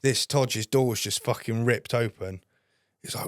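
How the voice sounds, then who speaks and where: A man's voice: mid-range voice, normal speed, no room sound, clean studio sound. A young man, a podcast guest, telling rambling anecdotes in casual talk and swearing heavily. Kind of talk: casual storytelling.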